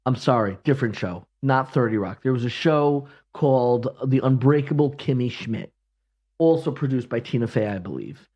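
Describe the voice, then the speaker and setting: A man with a mid-pitched, ordinary voice, thinking aloud in a reflective talk. He searches for his words and restarts his sentences. When he tells a story he becomes lively. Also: moderate pace, muffled recording. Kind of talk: reflective conversation.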